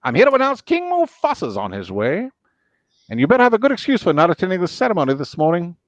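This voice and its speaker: A man voicing a fussy, officious male bird servant who speaks quickly and primly. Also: huge pitch swings, no room sound, dull audio. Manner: quick, high, prim.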